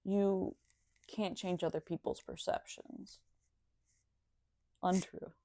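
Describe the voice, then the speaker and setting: Slow, gravelly low-voiced woman. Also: fairly even intonation, mellow. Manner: sardonic and profane. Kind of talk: casual monologue to camera.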